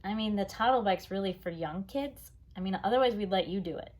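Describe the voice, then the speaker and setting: A woman's voice: medium pitch, a little fast, darkish tone, natural voice. A woman voicing a matter-of-fact advertising man in a read-aloud storybook. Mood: firm. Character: slightly pushy adult male ad man.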